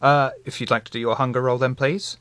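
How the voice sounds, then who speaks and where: A man's voice: medium pitch, flat delivery, brisk, a bit bright, no echo. A man running a tabletop role-playing game as game master, narrating scenes with wry asides.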